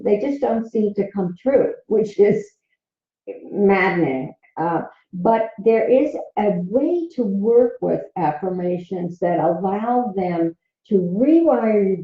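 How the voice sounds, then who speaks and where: Brief: woman self-help love coach, warm encouragement with frequent laughs, echoey room, muffled audio. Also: mid-range voice. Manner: gentle, encouraging, laughs often. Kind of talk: motivational self-help teaching. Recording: roomy, dull recording.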